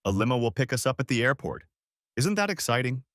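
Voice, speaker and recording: A man voicing an excited young wife who gushes over wealth in a story reading. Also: mid-range voice, fast, no room sound, studio quality. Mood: thrilled. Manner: gushing, breathless questions.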